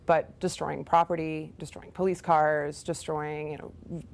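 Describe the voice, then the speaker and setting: A woman interviewee giving her opinion, deliberate and emphatic. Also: low voice, little pitch movement, vocal fry.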